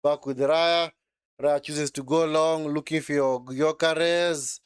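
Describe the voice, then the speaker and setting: Taking it slowly, this man speaks in a slightly high, smooth, steady voice, captured in clean studio sound without echo. He gives casual live commentary on a football game during a watchalong, reacting chattily and ending phrases with asides like "man" and "eh."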